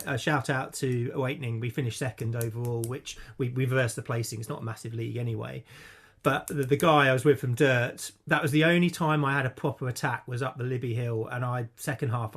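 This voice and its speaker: Guy, mid-pitch, chatty co-host, self-deprecating, trips over his words a bit. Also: fairly even intonation, fairly quick, a bit bright. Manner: chatty, self-deprecating, stumbles and restarts a lot. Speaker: podcast co-host. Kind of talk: casual chat.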